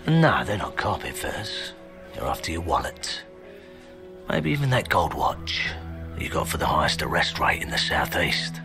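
An actor playing a hard-bitten, menacing cop, heard in a film clip over music. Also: male voice, low-pitched, huge pitch swings, normal speed, creaky, exaggerated voice.

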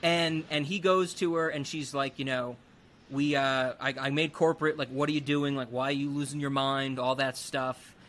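Podcast host, male, chatty film recapper who acts out the lines; bright, pushy voice. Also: mid-range voice, normal speed. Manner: animated, acts out characters' lines. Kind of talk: casual film recap chat.

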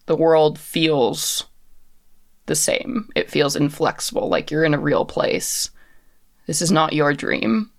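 Gravelly, unhurried game master. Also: mid-range voice, a bit bright. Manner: loose, filler-heavy narration. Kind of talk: narrating a tabletop game.

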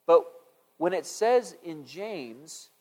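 A man's voice: high voice, sing-song, slow pace, mellow. A man preaching a conversational sermon, retelling a story with frequent restarts. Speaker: pastor.

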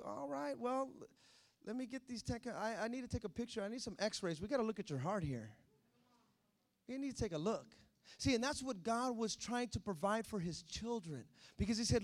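Guy preaching a sermon, high bright voice, bounces all over, jokey and chatty. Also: moderate pace. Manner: lively, joking, conversational preaching. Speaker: pastor.

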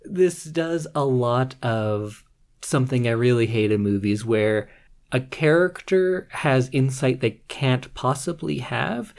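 A man co-hosting a casual movie review podcast, sarcastically retelling the plot with animated asides. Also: mid-range voice, takes it slowly, creaky. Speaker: podcast co-host.

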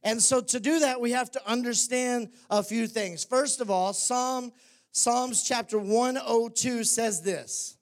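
A man preaching a lively sermon to a congregation as lead pastor, joking with the crowd and raising his voice on scripture. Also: very high-pitched, measured pace. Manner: energetic, jokes with the congregation, rises to shouts on scripture. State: out of breath. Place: church hall before a congregation.

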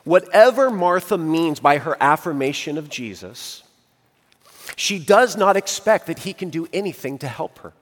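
A man preaching a sermon, dramatic, dropping to a hush and then rising to emphatic outbursts. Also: a little high, big pitch swings, moderate pace. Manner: dramatic, swings from hushed to emphatic. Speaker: pastor. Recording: long hall reverb.

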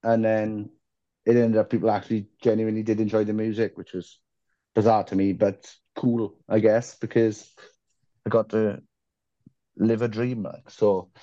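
A man's voice: lowish voice, flat delivery, normal speed, mellow, dry recording, dull audio. A man, a musician guest in a casual interview, rambling through self-deprecating stories and swearing casually.

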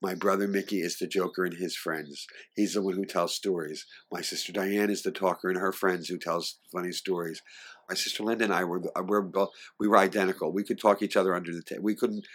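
A middle-aged man, an interview guest, telling family stories in a fast, animated way. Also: deep voice. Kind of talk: casual storytelling interview.

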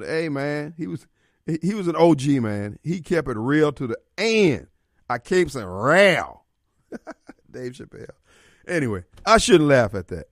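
A male call-in radio host who jokes in slang and keeps breaking into laughter. His voice runs a bit high and swings widely in pitch. The sound is dry and close to the mic. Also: dry recording. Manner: laughing, joking, loose street slang. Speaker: radio talk show host. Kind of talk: casual call-in radio talk.

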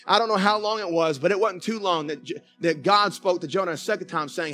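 A male pastor preaching a conversational sermon in a church, folksy and animated, with many restarts. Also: high-pitched, fairly quick, faint music behind. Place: church sanctuary.

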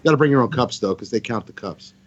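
A man's voice: medium pitch, lively intonation, fast, slightly rough, lo-fi sound. A man chatting casually on a podcast, crude and offhand. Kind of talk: casual chat.

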